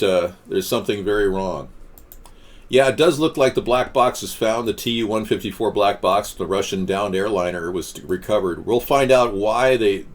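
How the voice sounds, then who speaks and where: A man hosting a casual political chat show, rambling and sarcastic as he reads viewer comments. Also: on the low side. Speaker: host.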